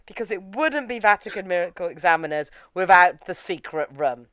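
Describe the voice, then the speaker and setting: A woman's voice: on the low side, a little fast, few pauses, no room sound. A woman, chatting casually as a podcast host while she recaps an anime episode and acts out the characters' lines. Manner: chatty, animated retelling with acted-out quotes.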